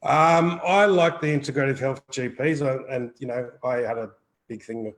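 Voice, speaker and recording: A man's voice: medium pitch, moderate pace, low-quality recording. Earnest, rambling man. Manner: earnest, rambling, repeats words, swears casually. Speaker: wellbeing co-host. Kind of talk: live Q&A chat.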